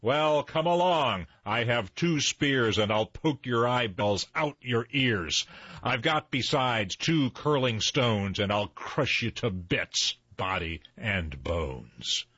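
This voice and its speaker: An older man voicing a huge, bold billy goat with a hoarse voice, boastful and slow, reading a storybook. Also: medium pitch, animated, fairly bright tone, no room sound, pitched above the performer's own voice, full character voice. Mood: threatening. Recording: slightly dull dry recording.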